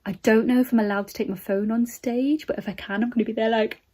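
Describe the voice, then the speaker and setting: A young woman vlogging as a nursing student, emotional and earnest, rambling and dropping into soft near-whispers. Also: fairly high pitch, steady tone, fast. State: emotional, close to tears. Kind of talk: emotional motivational vlog.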